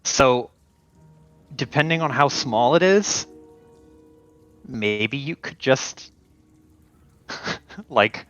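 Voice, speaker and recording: Bright-voiced man brainstorming plans. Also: mid-range voice, expressive, very slow, pauses often, muffled recording, faint music behind. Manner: brainstorming, thinking aloud. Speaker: tabletop game player. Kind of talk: casual tabletop game chat.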